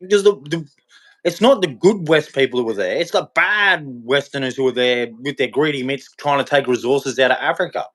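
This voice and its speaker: A man with a medium-pitched, somewhat bright voice hosts a live show in a hot room in Queensland. His unscripted commentary runs heated and rambling, repeating itself, with frequent false starts.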